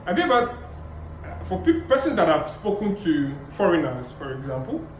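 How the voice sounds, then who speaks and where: A man giving a public speaking lecture over a video call, emphatic and repeating key phrases, deliberately playing his tone up and down. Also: high voice, wildly swooping pitch, roomy sound, a little hiss or hum, low-quality recording. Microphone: video call mic.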